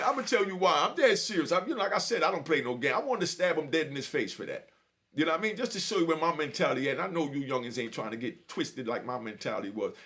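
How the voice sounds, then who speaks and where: A man's voice: on the high side, fairly bright tone. A middle-aged man telling a personal story in an emotional, earnest way, with street slang and frequent check-ins with the listener. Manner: earnest street talk, repeats "you know what I mean". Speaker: vlogger telling prison stories.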